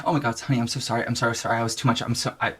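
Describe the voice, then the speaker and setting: Tabletop game figure: a man playing a smothering, anxious mother in a high fluttery voice, gushing and fretful. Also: brisk, fairly bright tone. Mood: contrite. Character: doting, anxious middle-aged mother.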